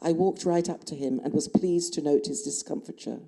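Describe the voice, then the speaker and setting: A woman author reads her own novel aloud at a festival event. Her voice sits low, with a deep, mellow darkness. She reads in a measured, expressive way. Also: creaky. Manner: measured, expressive first-person reading.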